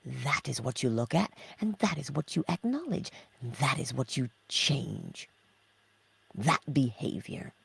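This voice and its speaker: A woman hosting a motivational spiritual talk, asking rhetorical questions and answering them herself, sometimes dropping to a hushed whisper. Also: very deep voice, sing-song, measured pace, gravelly, slightly rough. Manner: drops into hushed, whispered emphasis. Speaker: host of a morning inspiration livestream.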